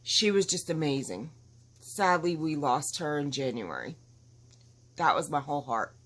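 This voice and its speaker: A woman with a somewhat low voice chats casually to her viewers from home. She talks in an emphatic, outspoken way and rambles from one point to the next. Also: animated, measured pace, fairly bright tone. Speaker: vlogger. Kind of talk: casual chat to camera. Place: at home with dogs nearby.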